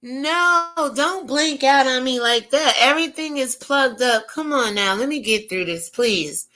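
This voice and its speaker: A woman's voice: sits high, expressive, a little slow, sharp tone. A woman from the United States hosting a casual opinion commentary, talking emphatically and firing off rhetorical questions. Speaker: commentary channel host.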